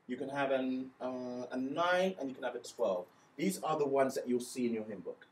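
A man's voice: mid-range voice, moderate pace, few pauses. Male music teacher, patient step-by-step explainer, counts beats aloud; recorded a bit off-mic in a roomy space. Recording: echoey room, voice a bit far from mic, faint ambience.

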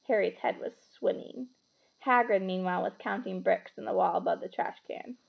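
A woman reading a children's book aloud with expressive, animated storytelling. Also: mid-range voice, moderate pace, vocal fry, dull audio.

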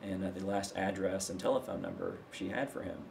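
A man from Tennessee recounting a personal story as a podcast guest, relaxed and filling his speech with "you know". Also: deep voice, fairly quick, gravelly, background noise. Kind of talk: storytelling in a conversation.

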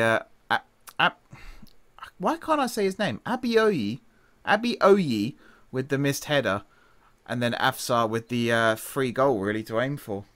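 A man streaming a football management game, giving chatty play-by-play, laughing at his own slips and sounding tired from an early start. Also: no room sound. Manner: chatty, self-correcting, quick laughs, shifts from excited to low mutters. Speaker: gaming streamer. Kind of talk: casual game commentary.

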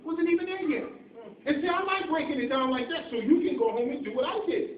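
A man's voice: extremely high pitch, fairly quick. A man preaching an impassioned, pleading sermon, firing off rhetorical questions at his congregation. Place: church sanctuary. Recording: echoey church, far from mic, tinny phone-like sound, faint noise.

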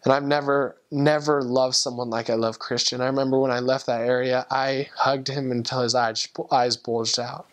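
A young man and returned missionary, telling a personal testimony story in an earnest, emotional way, with halting restarts. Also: medium pitch, level tone.

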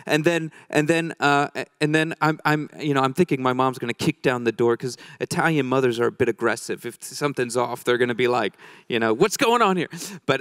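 Guy preaching, telling funny stories, kinda gravelly, dry sound, lots of uh and you know. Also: on the high side, no room sound. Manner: conversational, joking, many restarts and fillers. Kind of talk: sermon storytelling.

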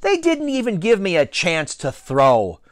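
A man reads a children's novel aloud, telling it expressively with playful asides to the listener. His voice sits fairly high and moves through a wide, lively range. The recording is dry with no room sound. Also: unhurried, no room sound. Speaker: reader.

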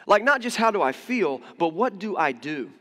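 A man preaching a sermon as pastor in a church, conversational and animated, acting out quoted voices. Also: high-pitched, normal speed. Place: church hall. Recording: long church reverb.

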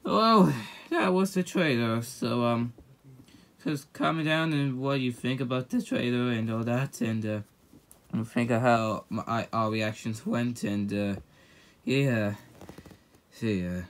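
A man's voice: mid-range voice, slow. Young man hosting a casual reaction video. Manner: loose and rambling. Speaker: channel host.

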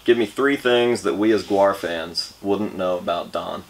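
A man's voice: deep voice, measured pace, low-quality recording. A man hosting a casual interview, mostly agreeing and throwing in short dry quips. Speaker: podcast host.

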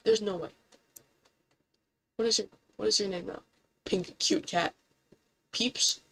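An excitable woman narrates her gameplay in a loose, casual way, cursing freely. Her voice sits at an ordinary middle pitch but often jumps upward when she is caught off guard. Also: slow pace, gravelly, husky, rough recording. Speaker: gameplay commentator.

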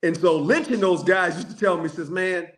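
A man's voice: high-pitched, animated, fairly quick, noisy background. An older man, a former football coach and player, telling anecdotes in a casual chat, acting out quotes and laughing often. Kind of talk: storytelling phone-in chat.

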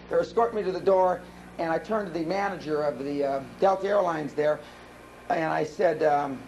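A man's voice: high voice, a little mellow, a little hiss or hum, rough recording. A man giving a live seminar talk, telling brash, profane stories to the room. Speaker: seminar speaker.

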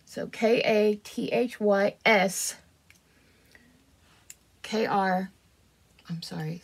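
A woman's voice: mid-range voice, gravelly, slightly rough. A woman, chatting casually and rambling while she does her make-up. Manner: chatty, rambling, self-deprecating. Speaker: vlogger. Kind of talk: casual get-ready-with-me chat.

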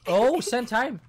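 A woman's voice: a little high, noisy background. A woman chatting casually with friends over voice chat while gaming, joking and swearing freely. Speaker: gamer streaming with friends.

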